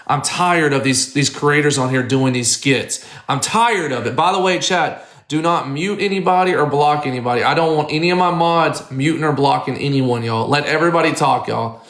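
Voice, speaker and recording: A man's voice: medium pitch, normal speed, a bit bright. A man on a live stream, ranting to his chat in a heated, profane way and repeating his points. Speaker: livestreamer addressing chat. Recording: echoey room.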